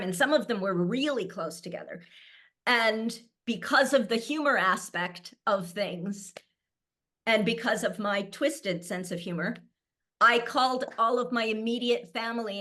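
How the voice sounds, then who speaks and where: A woman's voice: medium pitch, bright, forceful tone. A middle-aged woman speaking candidly as a panel guest, telling stories and laughing often. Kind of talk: conversational panel talk.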